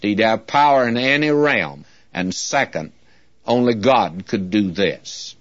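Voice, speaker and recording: A man's voice: lowish voice, dry recording. Folksy man preaching. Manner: earnest, folksy, often says "friends". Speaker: Bible teacher. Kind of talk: sermon. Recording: dull lo-fi dry recording.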